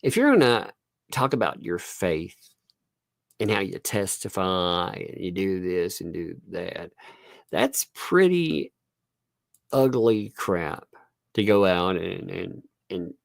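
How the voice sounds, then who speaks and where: Gravelly man chatting on a livestream. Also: low-pitched, big pitch swings, takes it slowly, dry recording, studio quality. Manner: chatty, laughs often between phrases. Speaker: livestream host. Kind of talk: casual live commentary. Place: home.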